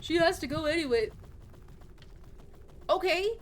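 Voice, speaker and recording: A woman's voice: very high-pitched, expressive, a little slow, background noise. A young woman streaming a game live, talking to chat while she plays, exclaiming, swearing and ranting about her teammates. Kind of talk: live gameplay commentary.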